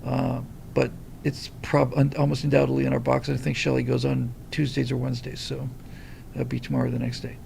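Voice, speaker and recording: A middle-aged man hosting a casual livestream, rambling and animated as he reads viewer comments. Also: mid-range voice, a little fast, gravelly, a little hiss or hum. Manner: rambling, animated, many restarts. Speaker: livestream host reading super chats.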